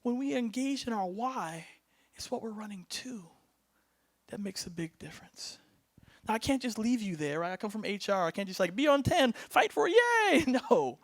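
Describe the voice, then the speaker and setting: A young man with a strikingly high voice gives a motivational keynote on stage. He is energetic and playful, laughing often and throwing "right?" back to the crowd. His sound is close and dry, with almost no room around it. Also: moderate pace, no room sound. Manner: laughs often, acts out bits. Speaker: keynote speaker. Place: event stage before a live audience.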